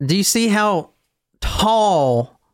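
A man hosting a casual podcast chat, excitable and quick to swear and laugh as he tells a story. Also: high-pitched, clean tone, dry recording, studio quality. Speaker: podcast host.

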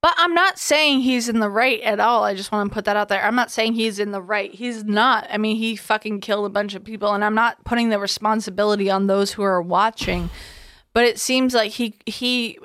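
A woman's voice: medium pitch, fairly even intonation, fairly quick, a bit bright, no echo. A woman co-hosting a podcast in a casual chat, speaking earnestly with frequent hesitations and restarts into a studio mic. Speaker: podcast co-host.

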